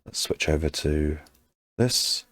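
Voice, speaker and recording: A man streaming his art, talking softly in an ASMR-style murmur right on a close microphone, rambling to himself as he draws. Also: extremely low pitch, expressive, slow, no room sound. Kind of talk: soft ASMR-style stream chat while drawing. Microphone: very close desk microphone. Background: faint background music.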